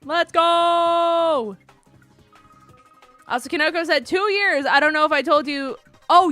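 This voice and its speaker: A woman's voice: high voice, sharp tone. A woman streaming a video game, chatting playfully with her chat and reading game dialogue aloud in put-on voices. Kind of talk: casual game commentary.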